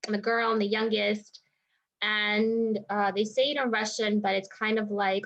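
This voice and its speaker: An energy healer reflects on a personal experience in a vlog, circling her thoughts and scattering "like" and "you know" throughout. Her voice is medium-pitched, level, and slightly bright, at a normal speed. The recording sounds dull and lo-fi.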